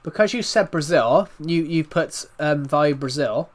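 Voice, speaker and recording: A British man chatting on a live stream, his voice thick and a little worn from being under the weather. He talks calmly and evenly, often restarting his sentences, in a fairly high voice for a man. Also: a little slow. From United Kingdom. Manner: calm, even talking with frequent restarts. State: slightly ill, thick voice. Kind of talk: casual live stream chat.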